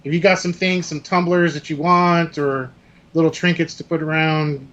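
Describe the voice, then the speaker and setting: A man's voice: on the high side, fairly even intonation, moderate pace, fairly bright tone, muffled recording. A man co-hosting a live stream podcast, laid-back, plugging a sponsor loosely. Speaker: podcast co-host. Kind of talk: casual chat.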